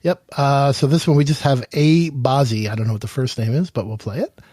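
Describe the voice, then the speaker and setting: A man's voice: medium pitch, fairly quick, mellow, dry recording, studio quality. A man co-hosting a podcast over a video call, laughing and introducing listener voicemails. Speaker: podcast co-host. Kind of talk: casual chat.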